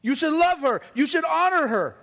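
High-pitched animated male preacher. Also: normal speed. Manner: animated, joking asides to the congregation. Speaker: pastor. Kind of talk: sermon.

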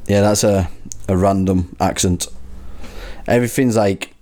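A man from Wigan with a broad local accent and a fairly low voice hosts a loose podcast chat. He jokes around and laughs a lot between questions. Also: steady tone, a little slow, warm tone. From Wigan, England. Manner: jokey, laughs often. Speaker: podcast host.

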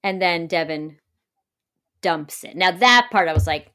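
Chatty woman with a lowish voice. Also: unhurried, a bit bright. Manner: chatty, laughs often, acts out quotes. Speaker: podcast co-host. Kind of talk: casual chat recapping a TV episode.

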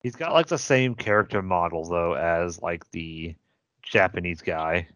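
A man's voice: deep voice, a little slow, a bit bright, no echo. A man hosting a casual podcast, easygoing as he chats and wraps up the show. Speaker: podcast host. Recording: dull lo-fi dry audio.

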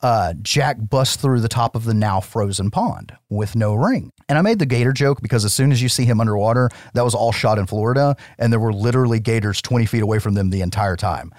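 A man from the United States co-hosting a casual film chat, animated, swearing and laughing often as he recaps the plot. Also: on the low side, fairly quick, hardly any pauses, no echo, studio quality. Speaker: podcast co-host.

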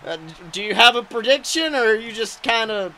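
A man voicing a crude, excitable wrestling announcer who calls the action in profane play-by-play. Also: very high-pitched, fairly quick, exaggerated voice. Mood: excited. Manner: profane, excitable, shouts big moves. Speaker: wrestling commentator character. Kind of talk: comedic play-by-play commentary.

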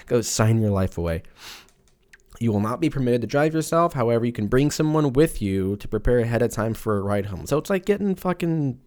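A man's voice: fairly low pitch, darkish tone. A man hosting a podcast, riffing profanely in a loose, rambling comic monologue and acting out silly voices for imagined people. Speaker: podcast host. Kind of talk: casual comedic podcast monologue.

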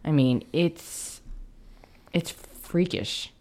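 A woman's voice: deep voice, drawn-out words, a little mellow. A woman co-hosting a casual film podcast, hesitant, with many fillers and restarts, often reading quotes aloud. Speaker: podcast co-host.

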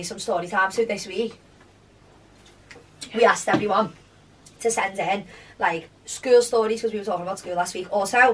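A woman's voice: medium pitch, distant mic, a little hiss or hum. A woman co-hosting a podcast in casual chat, chatty and full of "like" fillers. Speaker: podcast co-host.

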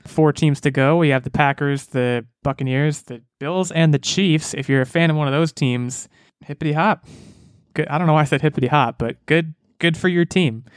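A man hosts a casual chat podcast with a smooth, resonant voice. He rambles and jokes in an animated way, and the sound is dry and close. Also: on the high side, moderate pace, few pauses, no room sound. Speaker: podcast host.

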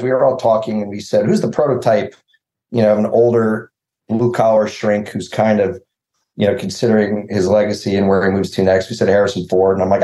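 A man's voice: fairly low pitch, warm tone, reverberant, rough recording. A man on a video call interview, telling rambling joking stories about making his show. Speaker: series co-creator.

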